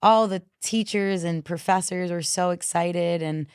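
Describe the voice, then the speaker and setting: A woman with a low voice tells stories frankly and bluntly, swearing freely as she goes. She speaks as a coach and podcast guest in casual conversation. The sound is close and dry. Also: measured pace, clear, resonant tone, dry recording. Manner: frank, profane, animated storyteller.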